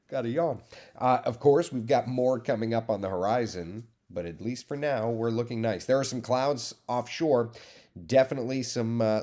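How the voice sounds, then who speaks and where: A man's voice: mid-range voice, darkish tone. A man who works as a TV meteorologist, giving a casual live weather update and chatting in a friendly way as he greets viewers by name. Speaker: TV meteorologist hosting a morning weather stream.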